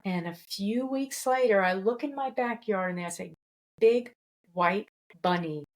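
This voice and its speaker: A woman's voice: medium pitch, measured pace, low-quality recording. A woman host on a video call, telling a personal story in a rambling, casual way. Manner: rambling, many restarts. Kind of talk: casual chat.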